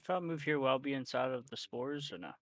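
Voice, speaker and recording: A man's voice: mid-range voice, fast, dry recording. A man playing a tabletop game who keeps asking to check the rules before acting. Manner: asks questions to check the rules. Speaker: player.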